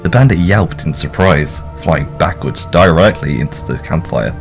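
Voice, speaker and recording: A man's voice: very deep voice, expressive, moderate pace, vocal fry, soft background music. A young British man reading a story aloud in a casual session, plain narration with teasing laughs between passages.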